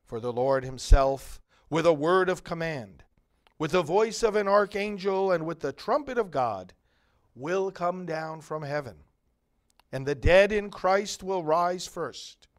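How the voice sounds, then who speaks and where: A male priest giving liturgical readings and a homily in a measured, solemn way with long pauses. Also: on the high side, animated.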